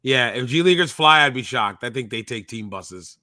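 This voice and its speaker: A man with a New York accent, co-hosting a casual basketball podcast, joking around and reading a news article aloud with halting restarts. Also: medium pitch. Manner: animated, jokey, reads with halting restarts. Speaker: podcast co-host.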